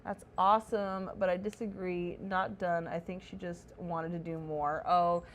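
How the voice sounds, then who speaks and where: A woman's voice: on the low side, little pitch movement, measured pace, slight background noise. A woman streaming casual commentary while touring a player-built game house, chatty and full of wonder, correcting herself as she goes.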